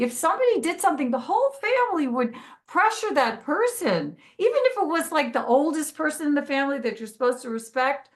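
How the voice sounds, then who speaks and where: A woman telling her own life story in an interview, earnest, quoting others as she goes. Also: high-pitched. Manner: earnest, quotes others in lively voices. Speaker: guest. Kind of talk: emotional personal storytelling.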